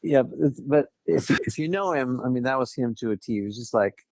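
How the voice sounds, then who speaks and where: In this dry recording, a Southern Californian podcast guest tells a personal story a little fast, his mid-range voice lively, slightly mellow, and touched with vocal fry. It's casual interview storytelling, full of quoted conversations and light laughs.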